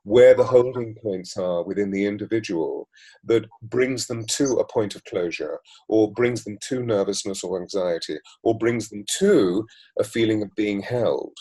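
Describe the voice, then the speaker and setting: Low, husky man speaking in measured flowing lists. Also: dark tone, rough recording. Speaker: voice coach and mystic guest. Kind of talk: reflective interview talk.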